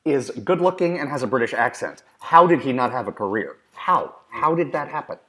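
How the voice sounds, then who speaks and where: A man's voice: medium pitch, expressive, brisk, bright, forceful tone. A man co-hosting a movie podcast in casual chat, enthusiastic and emphatic with a joking streak. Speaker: podcast co-host.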